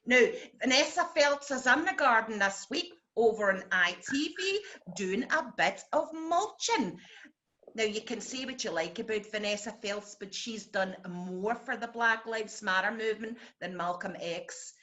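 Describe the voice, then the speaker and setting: A woman's voice: a little high, animated, unhurried, pushed and bright. A woman playing a brash Scottish TV critic who tells bawdy, boastful tall tales in a comic monologue over a video call. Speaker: TV critic character.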